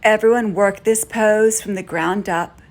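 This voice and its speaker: A woman yoga instructor giving calm, steady step-by-step cues through a guided class. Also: medium pitch, a little slow.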